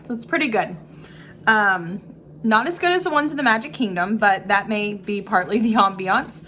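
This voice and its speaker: A woman of middle pitch hosts a casual cooking vlog from her home kitchen. She chats easily, laughs often and fills pauses with "um", over a faint hiss of background noise. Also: bright, forceful tone. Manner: chatty, laughs often, frequent "um"s. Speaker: cooking vlog host and mother.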